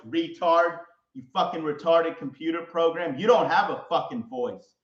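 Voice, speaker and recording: A man's voice: on the high side, normal speed. Furious ranting man in an echoey room. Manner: shouting, profane, hostile. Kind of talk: angry solo rant. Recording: roomy, dull lo-fi audio.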